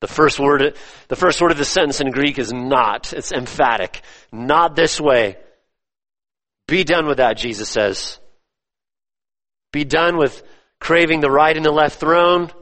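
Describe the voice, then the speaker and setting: A man preaching a sermon, emphatic, repeating his phrases and swinging between loud stresses and hushed drops. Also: a little high, unhurried. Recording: long reverb of a church hall.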